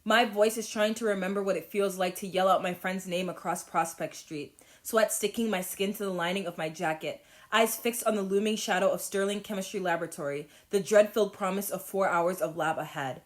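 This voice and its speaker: Young woman reading spoken word, wistful and earnest, mid pitch. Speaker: student poet.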